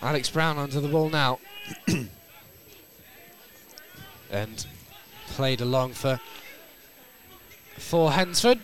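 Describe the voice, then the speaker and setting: A man from North East England commentating live on a football match outdoors, quick play-by-play that rises in pitch and volume at big moments. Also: slight background noise.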